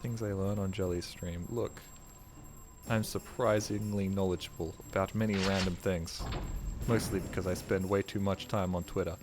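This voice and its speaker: A man's voice: low-pitched, steady tone, moderate pace, noisy background. A man streaming a video game live, tired and rambling, joking and swearing as he plays. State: tired, ears ringing. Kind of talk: casual live gameplay commentary. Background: game music.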